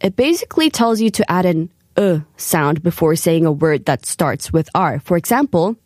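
A woman hosting a scripted radio segment, reading carefully with lively emphasis. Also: on the low side, moderate pace, no room sound, studio quality. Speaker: radio host.

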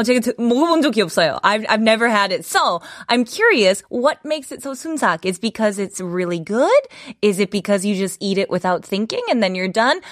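Brisk female radio host, a bit high-pitched, flips between English and Korean, giggles a lot, studio mic. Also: fairly bright tone, no room sound. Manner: switches between English and Korean, reads listener comments, laughs easily. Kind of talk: casual bilingual radio chat.

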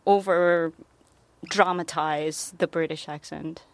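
A woman hosting a radio chat, gentle and giggly, with frequent murmured agreement. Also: sits low, fairly even intonation, slow pace, dry recording. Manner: gentle, giggly, many mm-hmms. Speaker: radio host.

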